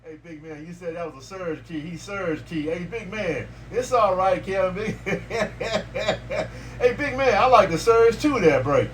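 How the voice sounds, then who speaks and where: A man with a slightly high voice trades slangy, repetitive banter over a CB radio. He sits a bit back from the microphone, and a faint hiss of noise runs underneath him. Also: unhurried, far from the mic. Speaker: CB radio operator. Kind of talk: CB radio chatter.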